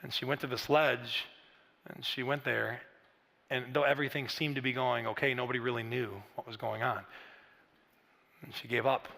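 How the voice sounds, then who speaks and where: A man's voice: medium pitch, little pitch movement, moderate pace, gravelly, long pauses, bright, forceful tone, in a large hall. A middle-aged man preaching a sermon in a conversational, storytelling way with frequent restarts and asides. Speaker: pastor. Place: large church auditorium.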